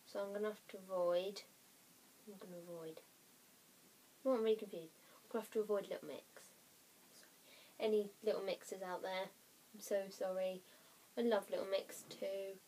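A woman's voice: mid-range voice, a little hiss or hum. A young woman talks into her webcam at home in a loose, rambling way. She giggles, apologizes often and sometimes sinks to a whisper. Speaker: vlogger. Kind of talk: casual chatty vlog.

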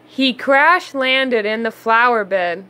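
A woman reading a children's picture book aloud, slow, gentle and expressive. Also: a little high, clear, resonant tone. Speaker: storybook reader. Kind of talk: children's read-aloud narration.

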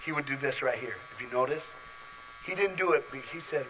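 Speaking at medium pitch and a brisk pace, a man preaches an energetic youth sermon to a big live crowd, with background noise audible. He's playful and direct, calling out people in the audience and swinging between quiet asides and shouting.

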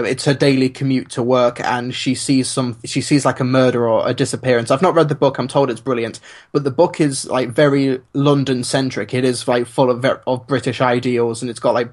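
Male podcast co-host, casual, filler-heavy, deadpan humor, average pitch. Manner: hesitant, many fillers, dry humor. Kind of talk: casual chat.

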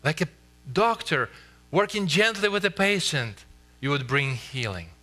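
Man, pastor, sermon in church; earnest, pleading, slows for emphasis; very bright tone. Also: a little high, sing-song. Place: church sanctuary.

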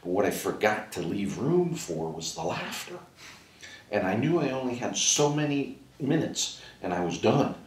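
A man being interviewed as a ventriloquist, telling animated anecdotes and laughing often. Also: medium pitch, moderate pace, slight background noise. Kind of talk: casual storytelling interview. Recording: roomy sound from a distant mic.

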